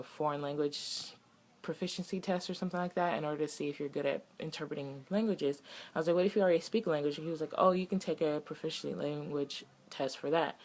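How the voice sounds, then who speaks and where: A woman's voice: sits low, poor audio. A woman in her twenties telling a story in a casual vlog, retelling conversations in a chatty way with lots of "he was like". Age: 20s. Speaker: vlogger.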